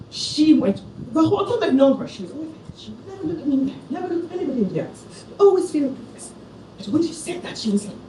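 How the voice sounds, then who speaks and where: A woman's voice: sits high, warm tone, a little hiss or hum. A middle-aged woman from Senegal giving a passionate, personal keynote speech at a conference. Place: large conference hall. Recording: echoey hall from far off, faint ambience.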